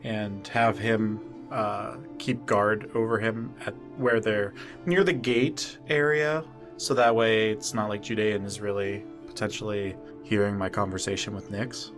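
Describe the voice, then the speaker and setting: A man's voice: fairly low pitch, fairly even intonation, measured pace, faint music behind. A man playing a tabletop game, speaking casually with some hesitation. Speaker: player.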